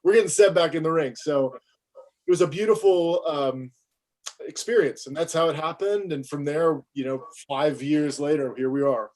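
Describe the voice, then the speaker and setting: Man, filmmaker guest, higher-pitched, animated raconteur, self-deprecating. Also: normal speed. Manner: animated, self-mocking, acts out dialogue. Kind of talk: storytelling in an interview.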